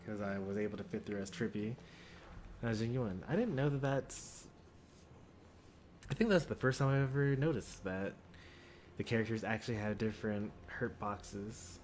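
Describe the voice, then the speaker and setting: A sleepy man in his thirties chats with viewers while playing, musing aloud in a relaxed, rambling way. His voice sits a bit low, close on a desk microphone with a faint hum of noise. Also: normal speed. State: tired, yawning. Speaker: streamer. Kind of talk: casual game-stream chat. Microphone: desk USB microphone.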